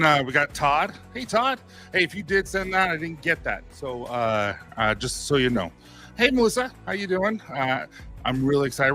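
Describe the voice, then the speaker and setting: A man's voice: mid-range voice, bright, forceful tone. A man hosting a casual live stream, upbeat and chatty, greeting viewers by name.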